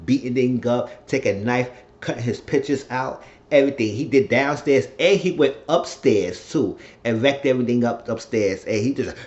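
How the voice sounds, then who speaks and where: A man talks through a TV episode in a loose, excitable way, acting out each scene as quoted lines and throwing in profane asides. His voice sits at a middle pitch. The recording sounds dull and lo-fi. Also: a little slow. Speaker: TV episode recapper. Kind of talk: casual TV episode recap.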